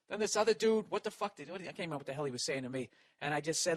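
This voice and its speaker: A man in his forties, a podcast host, telling a story as a loud, profane comic rant. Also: high-pitched, rapid-fire, no room sound. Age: 40s. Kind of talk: ranting comic monologue.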